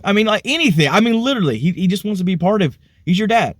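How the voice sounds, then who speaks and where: With a high-pitched, sing-song voice, an Alabama vlogger talks fast as he shares his faith testimony casually and earnestly, rambling and peppering it with "you know." He is married with kids, and the clean studio recording has no echo.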